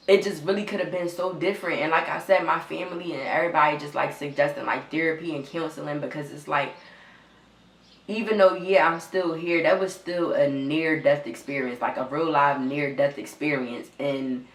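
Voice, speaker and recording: A young woman vlogger tells her story directly to viewers, close to tears, raw and repetitive, and swearing often. Her voice is deep and brisk, and the room is echoey.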